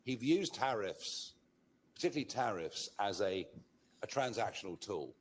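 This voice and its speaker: A man giving a political interview answer in a measured, emphatic way. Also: on the low side, lively intonation, slight background noise. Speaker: political commentator.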